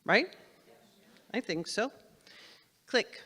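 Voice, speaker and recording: A woman's voice: medium pitch, expressive, drawn-out words, sharp tone, husky. Woman minister teaching in a reverberant hall. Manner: conversational, repeats phrases for emphasis. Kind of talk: spiritual lesson to a congregation. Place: spiritual center meeting hall.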